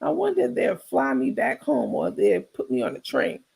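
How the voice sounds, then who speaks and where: A woman putting on the voice of a weary grown man who talks in a flat monotone with no feeling. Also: high voice, normal speed, vocal fry, breathy edge, full character voice. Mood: grumbling. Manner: monotone, emotionless delivery.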